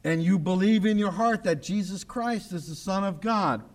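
High-voiced preaching man, emphatic. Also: normal speed. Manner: emphatic, repetitive preaching with sudden drops to a low, quiet voice. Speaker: pastor. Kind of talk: sermon. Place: church broadcast on radio and online.

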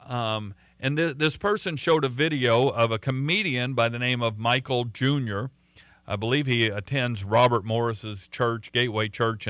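A man's voice: medium pitch, fairly bright tone, smooth, no echo, clean studio sound. A man preaching a sermon in a conversational way, often repeating words and using fillers as he tells a story.

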